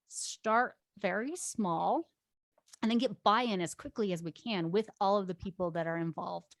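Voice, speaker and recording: A woman of medium pitch hosting a casual conversation as an agile coach. She talks in a lively way, full of animated asides and laughs. The sound is dry and close. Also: no room sound.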